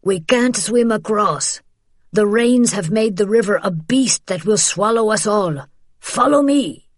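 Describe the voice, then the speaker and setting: A woman narrator voicing a calm, steady male guide who gives measured, urgent instructions. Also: mid-range voice, no room sound, studio quality, pitched above the performer's own voice. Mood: grave.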